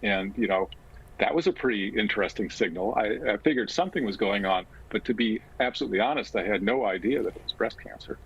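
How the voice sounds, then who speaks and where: A low, gravelly older man tells a long personal story, pausing often as he speaks. His voice sounds husky. The remote call audio is dull and lo-fi. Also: a bit bright. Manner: slow, measured storytelling with frequent pauses. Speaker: guest, physician and author.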